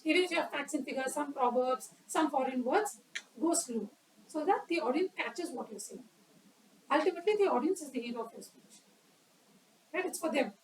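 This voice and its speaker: A woman's voice: high voice, lively intonation, brisk, recorded from a distance, slight background noise, low-quality recording. A woman giving an educational talk on public speaking at a club meeting, quizzing the audience and acting out examples.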